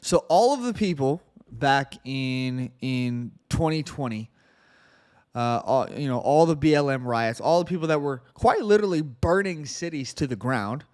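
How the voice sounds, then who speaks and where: A man's voice: medium pitch, lively intonation, moderate pace. A man hosting a political commentary podcast, talking in a sarcastic, incredulous and emphatic way, sometimes stumbling over his words. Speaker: podcast host.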